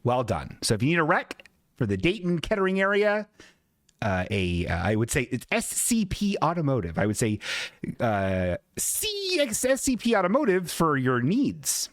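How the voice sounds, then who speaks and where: A man in a comedy podcast rambles through a profanity-laced story at his own expense. His pitch leaps high and drops low with lively swings. The sound is dry and close. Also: normal speed, no room sound. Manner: rambling, profane and self-mocking. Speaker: podcast host.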